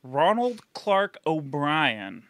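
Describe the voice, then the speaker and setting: A man with a bright, forceful, fairly high voice tells a story on a casual podcast, breaking into laughter often. The sound is dry and close, with no room echo. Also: sing-song, extremely slow. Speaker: podcast co-host and producer.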